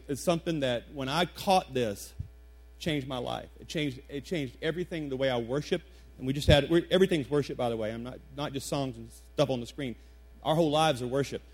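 A man's voice: mid-range voice, husky. A man in his forties, a pastor preaching to his congregation in a church, talking conversationally with emphatic repetitions and questions to the room. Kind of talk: sermon. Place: church sanctuary before a congregation.

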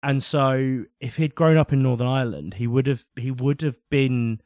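A British man co-hosting a podcast, talking in an animated, opinionated way and swearing freely. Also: medium pitch, moderate pace, no room sound, clean studio sound. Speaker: podcast co-host. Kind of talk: casual podcast chat.

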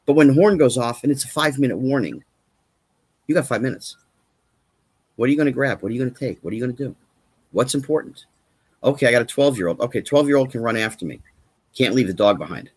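Husky man talking emphatically. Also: mid-range voice, animated, quick pace, pauses often. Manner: emphatic, repetitive, rhetorical questions. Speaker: guest. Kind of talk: casual chat.

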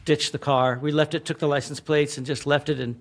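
Young American man, casual storyteller, swears easily, voice pitched a little high. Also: flat delivery, a little fast. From United States. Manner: laughs often while telling the story, swears casually. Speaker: guest telling travel stories.

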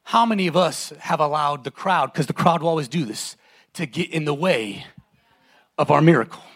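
Brief: man preaching a passionate sermon, high voice, talks straight to the congregation. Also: lively intonation, normal speed. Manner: impassioned, dramatic, calls to the congregation.

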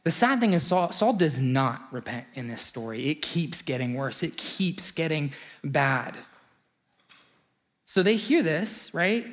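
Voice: mid-range voice, big pitch swings, a little slow. A preacher giving a sermon, conversational and story-driven, often acting out short quotes.

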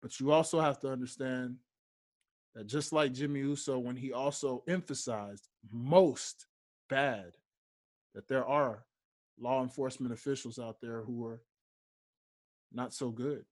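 A young man talking alone into his podcast mic at an unhurried pace. He picks his words with care and leans hard on the points he wants to land. His voice sits at an ordinary middle pitch for a man. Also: a little mellow. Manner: slow, deliberate, emphatic. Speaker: podcast host. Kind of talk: solo podcast monologue.

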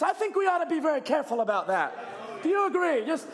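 Male preacher, fervent shouted sermon, very high pitch, gravelly fry. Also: very animated, a little fast, few pauses.

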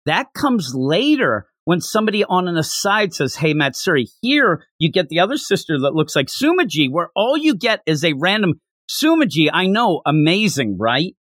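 Animated man acting out lines. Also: high voice, no room sound, studio quality. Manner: animated, acts out characters' lines in quick bursts. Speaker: anime review podcast host. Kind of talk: casual chat.

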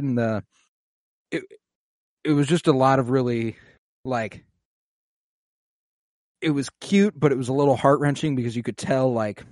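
A man co-hosting a podcast, casually recapping an episode with lots of swearing and animated retelling. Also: medium pitch, a little slow, pauses often, no room sound, clean studio sound.

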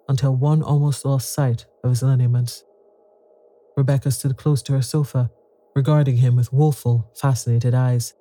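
A narrator reading a ghost story aloud in a measured storytelling manner. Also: medium pitch, mellow, no room sound.

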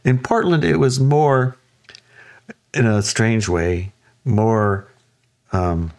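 A man co-hosting a podcast, telling a story in a relaxed, chatty way and acting out the voices of people he quotes. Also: extremely slow. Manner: animated, acts out quoted voices with playful high pitch. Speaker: podcast co-host. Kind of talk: casual storytelling chat.

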